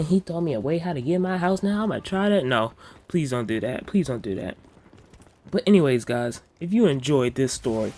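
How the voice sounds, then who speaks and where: A man tells a storytime vlog in a lively, bouncing voice that swings high and low. He talks casually and leans on slang. His excitement keeps pushing his pitch up. There is a faint hiss in the background. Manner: animated, slang-heavy, voice leaps high when excited. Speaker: storytime vlogger.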